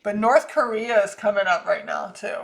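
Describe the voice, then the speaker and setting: Southern woman, mid-pitch, rambling psychic-reading chat, thinks out loud. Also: animated, normal speed, vocal fry. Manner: chatty, thinks aloud, trailing restarts. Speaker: psychic channeler. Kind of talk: casual psychic reading monologue.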